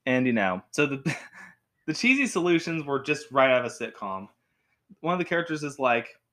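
A young man reviewing a show at home in a rambling, animated way, with frequent restarts. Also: mid-range voice, moderate pace. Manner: rambling, animated, with many restarts and acted quotes. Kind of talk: casual talk to camera. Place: home with a cat.

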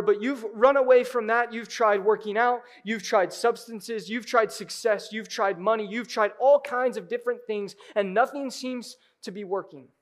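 A high-voiced man delivers a sermon from the pulpit of a church. He drops to near-whispers, then rises to loud, urgent appeals to the congregation. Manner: dynamic preaching, swings from hushed to loud. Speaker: pastor. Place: church sanctuary.

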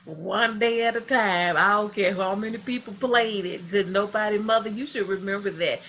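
A woman hosting a casual faith talk, telling family stories in an animated way and laughing often. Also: mid-range voice, normal speed, slight background noise. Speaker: host of a faith livestream. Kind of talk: casual devotional chat. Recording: dull lo-fi sound.

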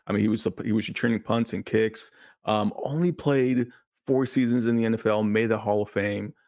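A man's voice: on the low side, normal speed, no room sound, studio quality. A man from Chicago co-hosting a podcast, talking sports with enthusiasm and frequent restarts. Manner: enthusiastic, repeats words when excited. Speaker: podcast co-host. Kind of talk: casual sports chat.

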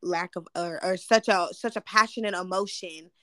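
A woman's voice: lowish voice, steady tone, normal speed, fairly bright tone, dry recording, clean studio sound. Candid woman guest in a casual chat. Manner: candid and reflective, swears casually.

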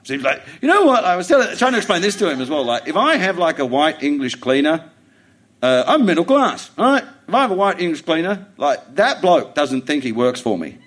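A middle-aged Australian comedian, guesting on a casual podcast, tells stories in a blunt, profane, animated way. His voice is fairly high and his pace brisk.

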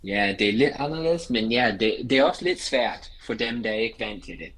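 A man's voice: medium pitch, animated, fairly quick, a bit bright. A man, a podcast guest, explaining things patiently and easygoing in casual chat. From USA.

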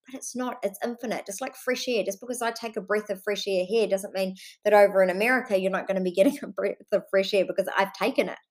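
A woman's voice: medium pitch, steady tone, fast talker, hardly any pauses. A woman with a New Zealand accent hosting a solo podcast, talking in an earnest, impassioned way, swearing freely and speaking fondly to her listeners. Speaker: podcast host.

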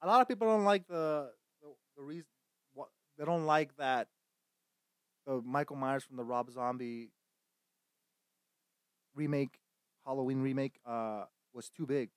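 A man chatting casually while streaming a game, rambling and swearing, bursting now and then into loud shouted insults. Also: medium pitch, a little slow, pauses often, clean tone, dry recording. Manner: profane, rambling, laughs at own jokes.

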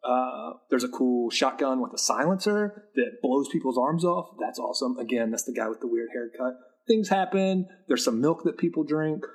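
Husky man giving a jokey recap. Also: mid-range voice, normal speed, few pauses. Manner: jokey, rambling, deadpan. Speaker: new guest. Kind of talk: casual podcast film recap.

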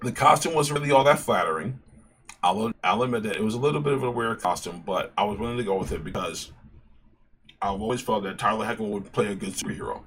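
A man's voice: fairly low pitch, quick pace, a little hiss or hum. A man hosting his own video channel, talking casually and passionately about superhero films, often restarting and repeating himself. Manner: passionate, animated, with frequent restarts and repeated phrases. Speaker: YouTube commentary host. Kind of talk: casual opinion commentary.

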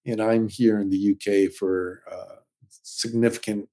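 A man's voice: on the low side, a little slow. Middle-aged man telling stunt stories. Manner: animated anecdotes with quoted voices. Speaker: stuntman guest. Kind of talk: casual interview storytelling.

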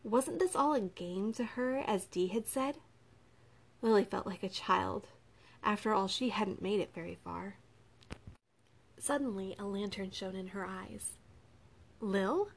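A woman narrating a novel as an audiobook reader, in an even, clear reading voice. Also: mid-range voice, unhurried.

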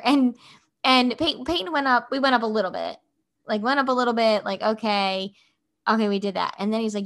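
A woman in her thirties tells a family story in a relaxed, animated chat. Her voice sits a little high, and she keeps dropping "like" in as she talks. She sounds like a mother sharing the story casually. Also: normal speed. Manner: animated, fills speech with "like".

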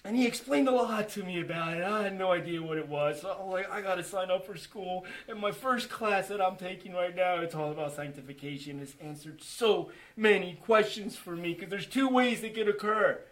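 A man's voice: sits high, a little fast, hardly any pauses, a bit bright. A man giving an emotional personal testimony to a church group, earnest and full of restarts, acting out his own and others' remarks as he tells the story. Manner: emotional, earnest, with many restarts and quoted dialogue.

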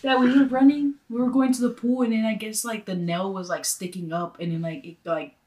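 A young woman chatting as a guest, swearing freely and piling on fillers. She tells her story with lively, casual energy, her voice at an everyday middle pitch. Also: brisk. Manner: animated, profane storytelling with lots of "like".

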